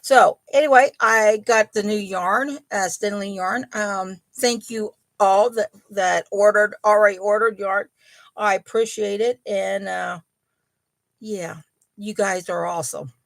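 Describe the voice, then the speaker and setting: A woman's voice: mid-range voice, fairly even intonation, a little slow, vocal fry, no room sound. A middle-aged woman hosting a casual live chat from home about yarn, talking in a rambling way with many ums and apologies. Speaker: host of a yarn and crochet channel.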